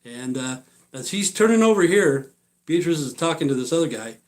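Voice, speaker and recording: A man's voice: on the high side, lively intonation, normal speed. Rambling, profane man in his sixties. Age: 60s. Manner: rambling, filler-heavy, trails off quietly at phrase ends; blunt and profane. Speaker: live-stream vlogger. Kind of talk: casual rambling storytelling.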